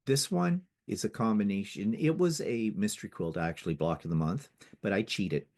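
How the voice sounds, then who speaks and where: A man's voice: lowish voice, expressive, moderate pace, a little mellow. A man giving a casual slideshow talk about his quilting to a guild, chatty and rambling, often restarting his sentences. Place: living in Ontario, Canada.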